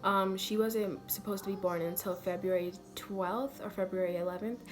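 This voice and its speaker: A woman's voice: medium pitch, steady tone, moderate pace. Chatty young woman vlogging over music. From Colorado. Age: young adult. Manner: chatty, lots of "like" and "um", acts out quoted voices. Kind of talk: casual storytelling to camera.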